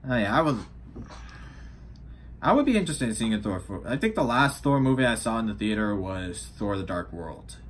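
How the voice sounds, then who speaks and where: A man's voice: fairly low pitch, very animated, normal speed, slight background noise. A teenage boy vlogging casually about upcoming films, rambling with frequent restarts. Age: teens. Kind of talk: casual vlog commentary.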